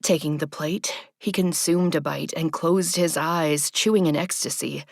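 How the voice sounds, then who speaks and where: A woman reading an audiobook narration in a soft, even, intimate manner. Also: low voice, a little slow, gravelly, few pauses, no echo, studio quality.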